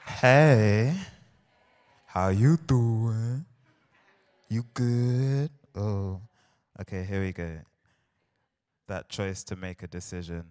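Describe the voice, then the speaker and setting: A young man from South London with a low, unhurried voice performs spoken word poetry on stage. He chats and jokes with the crowd between lines. The sound carries a long hall reverb. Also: darkish tone. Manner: chatty, playful banter with the crowd. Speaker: poet. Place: large hall on stage with audience.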